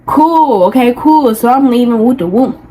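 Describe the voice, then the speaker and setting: A woman's voice: fairly high pitch, animated, normal speed, warm tone, a little hiss or hum, low-quality recording. A young woman telling a personal story in a heated, venting way, full of slang and rambling asides. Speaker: vlogger. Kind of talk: casual storytime rant.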